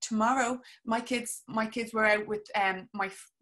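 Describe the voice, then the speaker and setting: A woman's voice: a little high, steady tone, normal speed, a bit bright. A woman, a business coach, chatting casually and eagerly to viewers on a live stream, rambling with restarts and frequent laughs.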